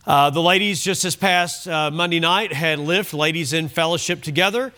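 A man's voice: a little high, moderate pace, pushed and bright. A man pastor preaching a sermon, emphatic and fond of repeating key phrases.

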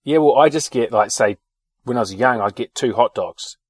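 A man's voice: medium pitch, normal speed, slightly rough, no room sound, studio quality. A man telling rambling anecdotes in casual chat, with fillers and swearing. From New Zealand.

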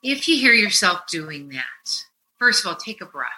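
A middle-aged woman hosting a podcast as a therapist, telling stories in a casual chat and swinging between loud and hushed. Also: on the low side, very animated, moderate pace, rough recording.

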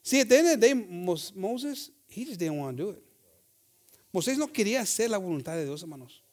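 High-voiced bilingual preacher man. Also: very animated, darkish tone. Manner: switches between English and Spanish, often calls out "hermanos"; reads scripture slowly and deliberately. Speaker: pastor. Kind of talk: bilingual sermon.

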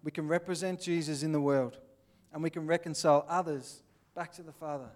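A man's voice: a little high, fairly even intonation, brisk. An Australian man giving an earnest, plainspoken sermon, with little acted-out scenes. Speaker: pastor.

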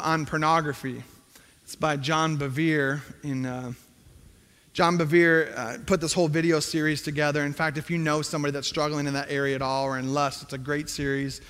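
A man's voice: a little high, a bit bright, clear, resonant tone. A middle-aged male pastor preaching a sermon in a conversational tone that rises to emphatic pleading. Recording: hall reverb.

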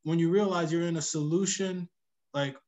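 A man's voice: fairly high pitch, steady tone, moderate pace, a little mellow. A man who runs a short-term rental, talking reflectively in a casual podcast chat and tagging his points with "right?". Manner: reflective, many "right?" tags and restarts.

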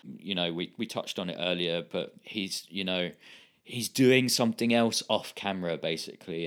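A man's voice: low voice, a bit bright, smooth. A man co-hosting a podcast, chatting casually and enthusiastically about films, with a rambling manner and casual swearing. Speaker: podcast co-host. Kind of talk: casual chat.

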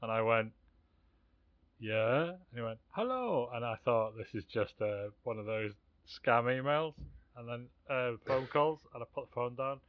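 A man's voice: medium pitch, fairly even intonation, measured pace, dry recording. A man from Wales telling a phone-call anecdote in casual chat, acting out both voices. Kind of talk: casual storytelling. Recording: dry, dull lo-fi sound.

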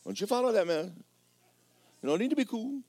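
A man voicing a laid-back, smooth-talking fish who tempts others like a cool dude from the street, in a drawling, swaggering manner. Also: high voice, big pitch swings, brisk, warm tone, no echo, voice pushed up. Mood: smooth, tempting.

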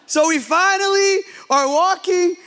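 A young man with a very high, light voice tells a story from the pulpit, playing it for laughs. He is a pastor who jumps into acted-out dialogue and keeps the pace animated. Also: measured pace. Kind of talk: storytelling sermon.

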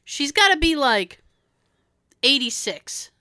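A woman chatting casually and telling an everyday story, acting out quoted dialogue in lively voices. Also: high-pitched, slow pace, dry recording, studio quality.

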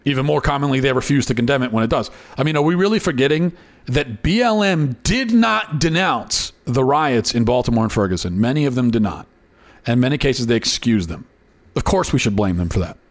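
A man's voice: medium pitch, expressive, a little fast. A man hosting a political commentary show, arguing in an emphatic monologue that climbs into indignant outbursts, often repeating and restarting words. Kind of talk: opinion monologue.

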